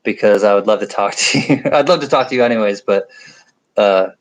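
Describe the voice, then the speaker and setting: A man's voice: lowish voice, a little fast, rough recording. Nasal upstate New York man rambling. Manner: rambling, joking, self-deprecating asides. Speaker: livestream host reading chat. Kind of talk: casual chat with viewers. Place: home, at night.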